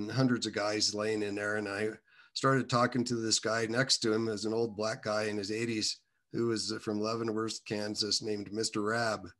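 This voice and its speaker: A man sharing his personal faith testimony in a casual, halting way, with many restarts and side turns. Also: on the low side, a bit bright.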